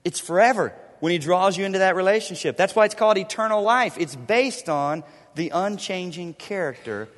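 A pastor preaching a sermon, emphatic and repetitive, swinging between loud stressed words and hushed low drops. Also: male voice, animated, normal speed, few pauses, long reverb tail. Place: church sanctuary.

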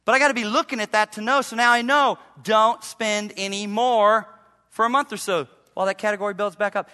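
A man preaching from the pulpit with a high, bright, forceful voice that carries through a long-reverb church hall. He swings from playful mock voices of his listeners to sudden hushed, earnest moments. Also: fairly even intonation, brisk. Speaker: pastor. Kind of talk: sermon.

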